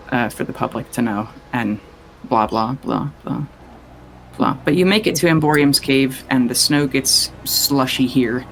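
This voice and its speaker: A man's voice: medium pitch, rough recording. A man running a tabletop game as game master, narrating in a rambling, casual way with many fillers.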